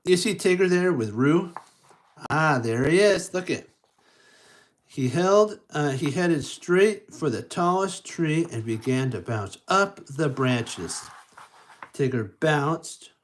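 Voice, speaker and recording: A storytime reader reading a picture book to young children, slow and halting, with stumbles and asides. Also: mid-range voice, animated, low-quality recording.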